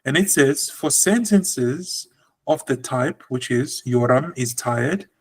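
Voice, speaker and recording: Guy teaching a language class, slow and patient, mid pitch, stretches out the example words. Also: animated, breathy edge, rough recording. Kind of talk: online language lesson.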